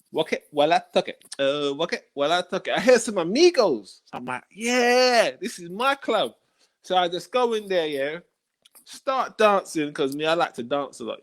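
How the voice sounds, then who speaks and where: A man performing stand-up comedy, telling a story in a casual, slangy way and often ending lines with "yeah?" or "you know?". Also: on the high side. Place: comedy gig stage.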